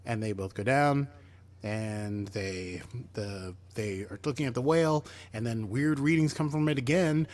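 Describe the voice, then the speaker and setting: A man in a relaxed podcast chat, walking through an episode scene by scene. He slips into quick impressions of the characters as he goes, with a voice of ordinary middle pitch. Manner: chatty, acts out characters' lines while retelling. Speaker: podcast co-host. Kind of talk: casual chat recapping a TV episode.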